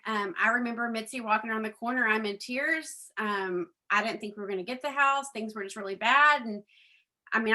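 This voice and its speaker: A woman giving a chatty motivational talk to her sales team, full of fillers and acting out conversations. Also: on the high side. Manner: chatty and animated, many fillers, acts out quoted dialogue. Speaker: direct sales leader speaking to her team.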